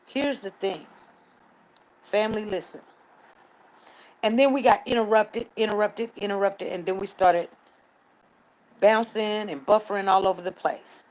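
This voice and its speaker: A woman's voice: mid-range voice, steady tone, measured pace, long pauses, a little mellow, poor audio. Chatty older woman hosting a livestream. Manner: chatty, answers viewers by name. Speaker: livestream news host. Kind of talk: casual live chat reading comments.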